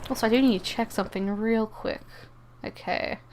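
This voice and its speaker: A rather high, slightly mellow voice comes from a woman streamer chatting casually at a moderate pace as she games. She is playful and rambling, addressing viewers and game characters and often tripping over and repeating words, with slight background noise.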